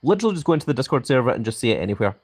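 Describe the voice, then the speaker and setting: A man's voice: mid-range voice, very animated, very fast, a little mellow, husky. A Scottish man live streaming a mobile game, answering chat with a grand, carefully enunciated way of speaking. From Scotland.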